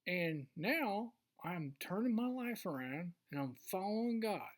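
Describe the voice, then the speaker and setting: A woman in a casual faith discussion, asking unhurried questions about belief. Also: medium pitch, animated.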